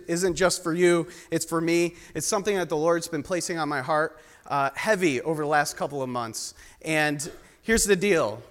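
A man's voice: on the high side, fairly bright tone. A young man preaching a sermon, telling a story and joking with the congregation. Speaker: guest preacher. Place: church sanctuary. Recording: long reverb of a large hall.

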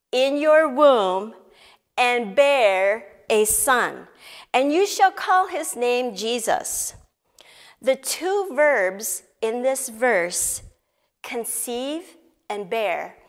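Woman Bible teacher, measured and unhurried, speaking to a live audience in a reverberant hall. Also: on the high side. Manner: slow, deliberate, explanatory.

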